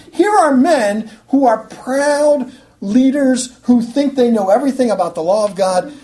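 A woman's voice: high-pitched, a little mellow. A woman teaching from the Bible in a conversational sermon, acting out quoted voices as she goes.

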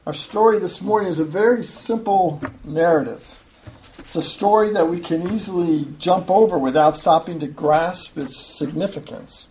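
A man's voice: sits high, moderate pace, a little mellow, slight background noise. A man pastor preaching a sermon in an earnest, conversational way, after reading scripture and praying.

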